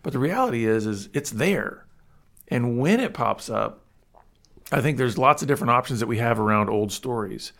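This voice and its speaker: A man co-hosting a faith-based podcast, talking reflectively and haltingly, often restarting his sentences. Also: medium pitch, expressive, vocal fry, a bit bright. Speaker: co-host.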